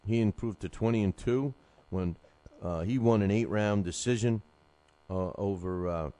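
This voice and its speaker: A man's voice: lowish voice, normal speed, warm tone. A man hosting a boxing show, rambling through results with many fillers, his throat sore from a cough drop. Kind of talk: casual live show chat.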